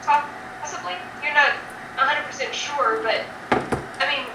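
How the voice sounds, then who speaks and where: A woman narrating as game master of a tabletop game, relaxed and rambling with lots of fillers. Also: high-pitched, a little slow. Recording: echoey room, mic at a distance, noisy.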